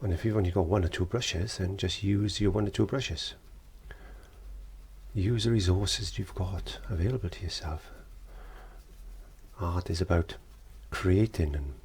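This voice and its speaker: A man teaching a painting lesson, gentle and encouraging, sometimes dropping into whispered asides, indoors in a studio. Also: deep voice, breathy edge. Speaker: art teacher. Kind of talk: painting tutorial.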